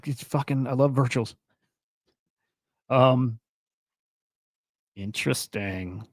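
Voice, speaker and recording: With long pauses and a moderate pace, a young man in a mid-range voice hosts a laid-back crypto and NFT news stream, loose, profane and growing worked up. The studio sound is clean, with no room sound.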